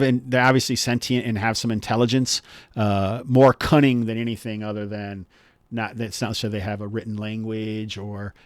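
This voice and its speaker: A man's voice: fairly low pitch, fairly bright tone, smooth, no room sound. A man narrating as game master of a tabletop game, rambling with many restarts.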